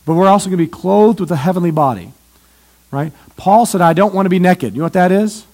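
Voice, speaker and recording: A male pastor preaching a sermon in a church, animated and often questioning the audience. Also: high-pitched, fast.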